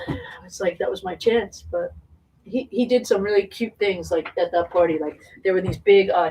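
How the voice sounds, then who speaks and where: A woman's voice: mid-range voice, recorded from a distance. A woman rambles through a story for a small live audience, stacking fillers, swearing lightly and laughing between lines. Her mid-range voice sits back from the mic with a faint hiss of noise underneath. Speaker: singer talking to an audience. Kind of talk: casual anecdote to a live audience. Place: indoor venue with small audience.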